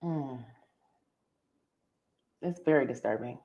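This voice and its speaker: A woman co-hosting a casual podcast, reacting with short, soft exclamations. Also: extremely low pitch, takes it slowly. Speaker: podcast co-host. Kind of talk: casual pop-culture chat. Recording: dull lo-fi sound.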